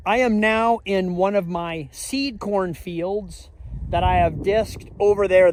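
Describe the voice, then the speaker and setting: A man's voice: on the high side, a little mellow, a little hiss or hum. A middle-aged man, a farmer, chatting casually outdoors in his fields, explaining his work as he goes and drifting off topic. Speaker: farmer vlogger. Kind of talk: casual outdoor farm vlog.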